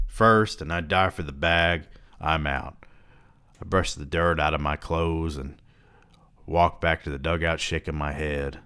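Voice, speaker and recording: A man reading a novel aloud and breaking off for relaxed commentary with swearing asides. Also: extremely low pitch, clean tone. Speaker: reader and book commentator.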